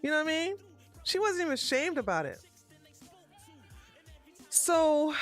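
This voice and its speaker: A woman's voice: sits high, sing-song, normal speed, long pauses, a bit bright, soft background music. A woman hosting a live-stream political commentary show, ranting bluntly and with heavy profanity.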